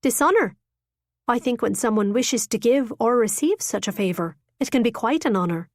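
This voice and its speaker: A woman voicing a frank, tender young working woman who speaks in a sleepy, husky, breathy voice. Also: a little high, lively intonation, normal speed, dry recording, clean studio sound, voice pushed up.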